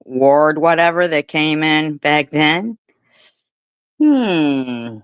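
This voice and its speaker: This woman hosts a casual livestream with a slow, deliberate delivery. Her voice is smooth and clear, and the sound is dry and close. She confronts commenters with sarcasm. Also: low voice, lively intonation, dry recording. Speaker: livestream host.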